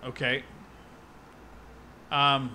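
Wry, bright-voiced male streamer. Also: medium pitch, level tone, extremely slow, faint music behind. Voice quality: sarcastic, wry. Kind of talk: live gameplay commentary.

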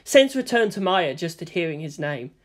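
A woman narrating a fan fiction story in an expressive storytelling manner. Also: on the low side, normal speed.

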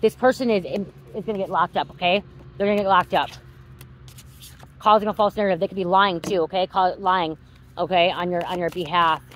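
A woman's voice: on the low side, steady tone, a little fast, fairly bright tone, a little hiss or hum, low-quality recording. A woman in her thirties or forties, a tarot reader venting in a casual vlog, swearing and tagging "okay?" onto her sentences.

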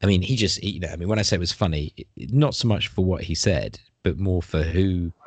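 A man's voice: sits low, expressive, fast talker, slightly rough, no echo. A man in casual conversation, talking in a rambling, discursive way with the odd swear word.

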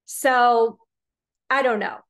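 A woman in her forties is telling a story to her viewers in a loose, chatty way. She leans on lots of fillers. Her speaking voice sits a little higher than average. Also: fairly even intonation, slow pace, fairly bright tone. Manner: chatty, rambling, filler-heavy. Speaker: vlogger and mother of teenagers. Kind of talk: casual storytelling to camera.

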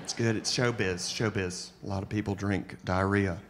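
A man doing a stand-up comedy set on a club stage, playful, often breaking into high panicked voices for his bits. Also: fairly even intonation, moderate pace, noisy background.

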